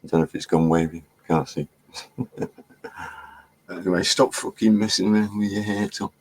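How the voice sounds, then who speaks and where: Very low-voiced rambling man livestreaming. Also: steady tone, moderate pace, darkish tone. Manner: chatty, laughing, swearing, distracted by chat. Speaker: livestream host. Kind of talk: rambling live-stream chat.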